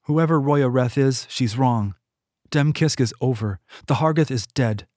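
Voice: mid-range voice, measured pace, darkish tone, dry recording, studio quality, lightly acted. A man voicing a young woman heroine who speaks bluntly and firmly. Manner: firm, demanding.

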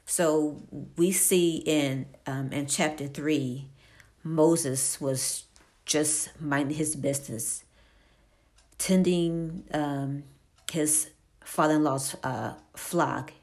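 A woman reading Bible passages aloud and then giving a devotional talk, halting, with fillers and restarts. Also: low-pitched. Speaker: Bible teacher.

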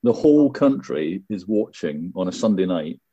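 A man's voice: low voice, sing-song, normal speed, muffled recording, a crowd in the background. A man co-hosting a podcast in casual chat, dry and teasing, often restarting his sentences. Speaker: podcast co-host.

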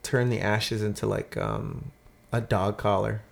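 A woman with an extremely low voice and a heavy gravelly rasp, co-hosting a podcast. She talks in a loose, easygoing way and keeps slipping in dry jokes and teasing asides. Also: steady tone, unhurried. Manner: joking, playful, laid-back. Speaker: podcast co-host. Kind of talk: casual chat.

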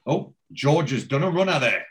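A man's voice: on the high side, lively intonation, moderate pace. Man, podcast host, casual recap, rambling, lots of fillers. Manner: rambling storytelling with many fillers.

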